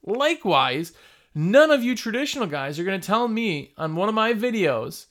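Uomo che conduce un video informale, voce piuttosto alta, tono schietto ed enfatico, divagante. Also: male voice, high voice, very animated, normal speed, fairly bright tone, a little hiss or hum. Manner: blunt, emphatic, rambling, repeats himself for emphasis. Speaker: window cleaning business owner and video host. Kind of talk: casual vlog talk.

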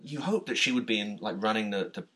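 A British man co-hosting a podcast, chatting casually about a film, animated, laughing often and restarting his sentences. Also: on the low side, fast. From Britain. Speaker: podcast co-host.

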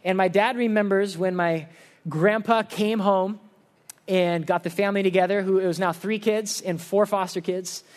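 A pastor giving a conversational sermon in a church service, telling personal stories in an earnest way. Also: male voice, high voice, fairly even intonation, moderate pace.

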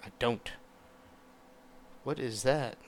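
A man's voice: mid-range voice, slow. A man giving casual reaction commentary, muttering offhand remarks and swearing now and then.

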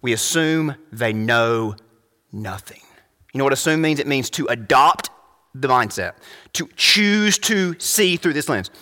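A young adult man preaching a sermon as pastor, emphatic, rising to loud high peaks. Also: lively intonation, a little slow, long reverb tail.

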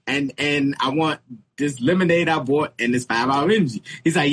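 Husky man telling animated stories. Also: a little fast. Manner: animated, jumps into high-pitched exclamations when telling stories. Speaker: podcast co-host. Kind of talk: casual comedic storytelling.

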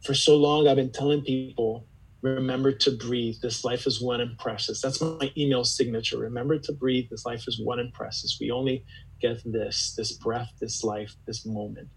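A man's voice: medium pitch, fairly even intonation, normal speed, vocal fry, slight background noise, low-quality recording. A man speaking as a guest in a reflective conversation, earnest and searching, often repeating words as he gathers his thoughts. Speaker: podcast guest.

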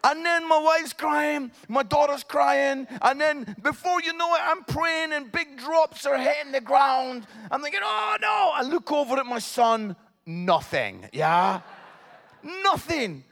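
Animated high-voiced Scottish preacher. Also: male voice, a little slow, gravelly. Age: middle-aged. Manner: animated, swinging from hushed to near-shouting. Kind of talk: humorous sermon storytelling.

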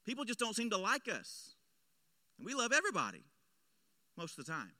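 A man preaching a sermon as pastor, swinging between loud emphatic lines and hushed low ones. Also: wildly swooping pitch, fairly quick, dry recording. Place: church.

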